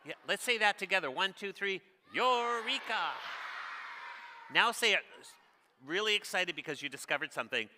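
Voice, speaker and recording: A man's voice: sits high, expressive, brisk, bright, forceful tone, slight background noise. A middle-aged man, a children's author, reads his picture book aloud in an interactive session, cheerfully asking the audience questions and urging them on. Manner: upbeat, encouraging, asks the audience questions. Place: large theater stage. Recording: long reverb of a theater hall.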